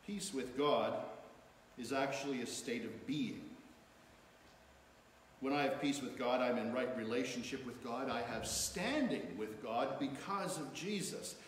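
A man's voice: medium pitch, a little slow. A man preaching a sermon as pastor, reading scripture aloud with rising emphasis. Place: church sanctuary. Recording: echoey church hall, faint room noise.

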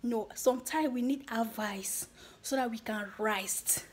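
A woman's voice: a little high, measured pace. A woman with a Nigerian accent giving her viewers an earnest motivational talk, slipping into Pidgin phrases. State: emotional, near tears at the end. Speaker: YouTuber.

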